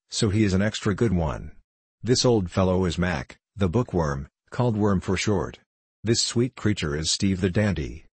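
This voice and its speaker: A man's voice: deep voice, darkish tone, slightly rough, no echo. A man voicing a bold, cheerful teenage boy who leads his cousins, in a storybook reading.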